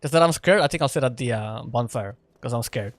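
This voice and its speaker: A man's voice: medium pitch, fairly quick, no echo. A man streaming a video game in casual chat, playful and laughing often as he talks with his viewers. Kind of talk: casual live gameplay chat.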